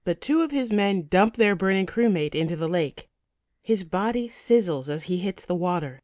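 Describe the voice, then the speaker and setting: A woman's voice: fairly low pitch, expressive, normal speed, a little mellow, no echo, clean studio sound. Woman narrating a tense saga in first person. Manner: vivid, tense storytelling. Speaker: audiobook narrator.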